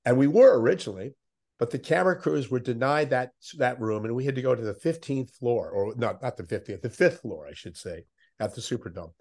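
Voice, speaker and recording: An older man, a veteran sports interviewer, telling animated anecdotes as a podcast guest. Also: mid-range voice, brisk. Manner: animated anecdotes, puts on voices of others. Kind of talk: conversational storytelling.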